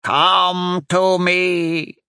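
Hateful old witch, vengeful, slow menacing shouts, pitched up high, a man putting her on. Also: little pitch movement, smooth, no echo, studio quality, heavily acted.

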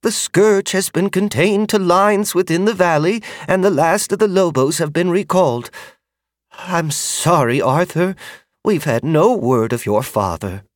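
A man voicing Magda, a kindly middle-aged woman who speaks softly and in measured phrases, in an audiobook. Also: sits high, no room sound, clean studio sound, pitched above the performer's own voice. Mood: gentle. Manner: soft, motherly, measured. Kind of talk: audiobook character voice.

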